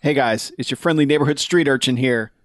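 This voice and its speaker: A man's voice: mid-range voice, fairly quick, no room sound, studio quality. A man co-hosting a podcast, reading listener emails aloud, laughing often and swearing casually. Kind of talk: casual chat.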